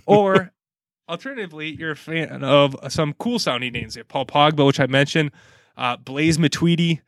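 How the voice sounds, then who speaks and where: A man's voice: fairly high pitch, normal speed, dry recording, clean studio sound. A man hosting a casual soccer preview, easygoing and joking while breaking down teams. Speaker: sports podcast host.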